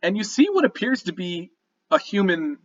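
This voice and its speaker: A man's voice: high voice, big pitch swings, moderate pace, lo-fi sound. A man narrating a tabletop game as dungeon master, describing scenes vividly with many fillers.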